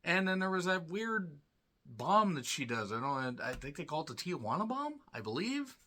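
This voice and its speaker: Male reviewer, bright tone, sarcastic and blunt, casual solo talk. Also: a little high, big pitch swings, normal speed. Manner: blunt, sarcastic, swears freely. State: tired. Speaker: wrestling show reviewer.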